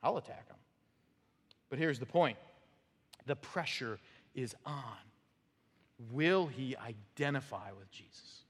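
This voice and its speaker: A man's voice: medium pitch, lively intonation, slow pace, long pauses, slightly rough. A man preaching a sermon as pastor, talking in a conversational, storytelling way. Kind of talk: expository sermon. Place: church sanctuary. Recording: long church hall reverb.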